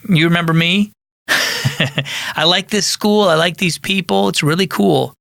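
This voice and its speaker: A man's voice: sits high, a little slow, creaky, fairly bright tone, no room sound, clean studio sound, full character voice. A man imitating a young former party-goer praying in a plain, casual, friendly way.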